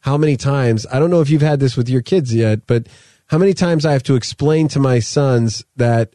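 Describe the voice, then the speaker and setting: A man's voice: mid-range voice, moderate pace, dark tone, no room sound, studio quality. A man in his thirties hosting a podcast, telling long rambling stories in casual chat. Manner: rambling storyteller, acts out his sons' voices. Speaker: podcast host.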